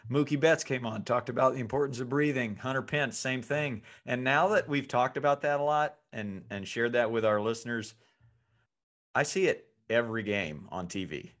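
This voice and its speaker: A man's voice: mid-range voice, normal speed, a bit bright. Earnest man co-hosting a podcast. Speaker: podcast co-host. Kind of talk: casual conversation.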